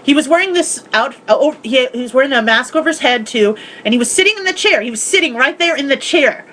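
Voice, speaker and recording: A woman's voice: sits high, animated, quick pace, a bit bright, slight background noise, low-quality recording. A woman chatting casually in a home vlog, recapping movies, swearing freely and acting out the characters' lines. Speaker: vlogger.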